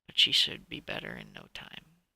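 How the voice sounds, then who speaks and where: Brief: caring dinosaur healer for a bedtime story, read by a man, dry and bright. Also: moderate pace, dry recording. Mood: reassuring. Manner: calm, reassuring. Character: wise, caring adult male white dinosaur healer.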